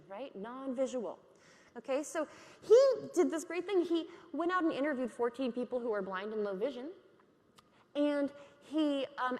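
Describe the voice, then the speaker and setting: A woman talks to a conference crowd in a candid, lively way, often laughing with them. Her voice sits a little high. The sound carries a long reverb from a large hall. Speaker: keynote speaker. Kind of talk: conference keynote talk.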